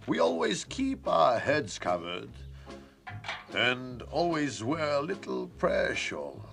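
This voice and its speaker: A man's voice: mid-range voice, creaky, exaggerated voice. An actor playing a pious, folksy village milkman in a film musical, telling his story with wry humor over music. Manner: slow, sing-song storytelling. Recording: film clip with music behind.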